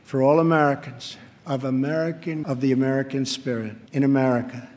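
A man's voice: medium pitch, little pitch movement, brisk, darkish tone, slight background noise. A man giving emphatic political speech lines, spliced and repeated over a beat. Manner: emphatic, repetitive declarations. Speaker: political speaker. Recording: reverberant hall with music underneath.

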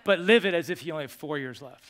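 A male pastor giving a sermon to his congregation in a church, animated and joking as he coaxes them along. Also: on the high side, fast talker. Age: over 25. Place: church sanctuary.

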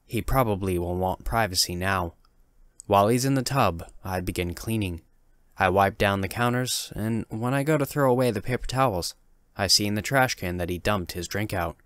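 A man calmly reading a first-person horror story in a measured way. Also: on the low side, clean tone, no echo. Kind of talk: scripted horror narration.

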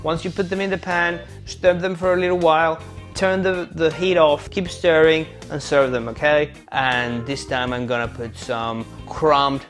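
A man's voice: fairly high pitch, measured pace, soft background music. A man from Venezuela with a Venezuelan Spanish accent and Spanish as his first language, hosting a comedic cooking show in a playful, chatty way. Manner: playful and chatty, jumps between excitement and mock apology.

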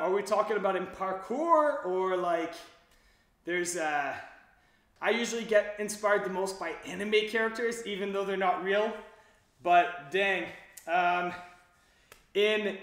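Canadian man, young, native French, high voice, casual livestream chat, rambling, roomy echo. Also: fairly bright tone. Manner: chatty, rambling, lots of fillers. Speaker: livestream host reading chat.

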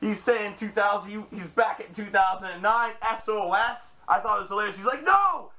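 A man reviewing a wrestling show in casual, profane banter, loud and animated, sometimes shouting. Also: sits high, fairly quick. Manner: loud, animated, swears often, shouts in mock voices. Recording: dull lo-fi sound.

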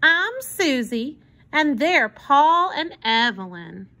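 An earnest little girl with a high, bright voice, as a woman reads her. She speaks in a pleading way that swings up and down. It is a storybook read-aloud. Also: big pitch swings, slow, heavily acted. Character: earnest, brave little girl, eldest child.

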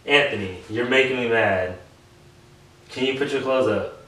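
A man's voice: mid-range voice, moderate pace, fairly bright tone. A man vlogging at home, nagging and exasperated, repeating himself over and over. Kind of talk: casual prank video talk. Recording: echoey room, mic far off, faint noise.

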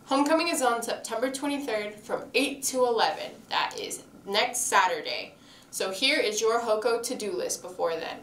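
A teenage girl anchoring school video announcements, reading brightly from a script. She sits a little back from the mic in an echoey room with faint ambience behind. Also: a little high, lively intonation, moderate pace, far from the mic, slight background noise. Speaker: student news anchor.

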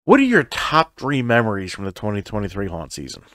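A man's voice: on the low side, huge pitch swings, a little fast, fairly bright tone, no echo. Casual rambling man in a dry home studio. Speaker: podcast co-host. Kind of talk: casual chat.

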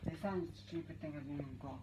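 A woman's voice: sits low, fast talker, very noisy. A woman chatting in a reassuring, matter-of-fact way. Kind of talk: casual chat.

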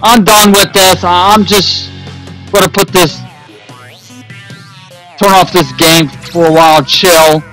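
A man's voice: sits high, steady tone, slow, pauses often, bright, forceful tone, soft background music, rough recording. A man giving casual gameplay commentary, frustrated and rambling as he talks to himself about his losses. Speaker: gaming video host.

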